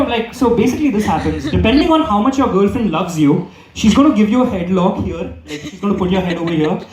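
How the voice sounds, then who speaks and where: A young man doing a stand-up comedy set in a club, rambling and asking "okay?" after nearly every line. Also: sits high. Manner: rambling, repeats "okay?" often. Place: comedy club hall with live audience. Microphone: handheld microphone. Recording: roomy hall, distant mic.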